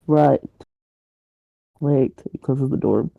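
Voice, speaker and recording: A woman's voice: sits low, measured pace, no room sound, phone-quality sound. A woman narrating a tabletop game as game master, casual and rambling. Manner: casual, rambling, with fillers and laughs.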